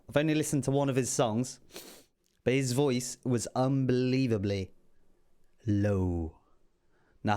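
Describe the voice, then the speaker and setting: A man hosting a music reaction video, chatting excitedly and swearing freely. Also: medium pitch. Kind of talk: casual reaction commentary.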